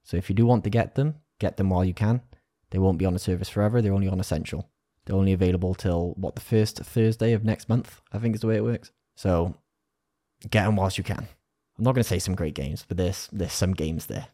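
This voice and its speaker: A man with a low, dark, mellow voice chats loosely on a gaming podcast. His talk is relaxed and rambling, and the sound is dry and close. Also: brisk, no room sound. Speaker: podcast co-host. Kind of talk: casual gaming podcast chat.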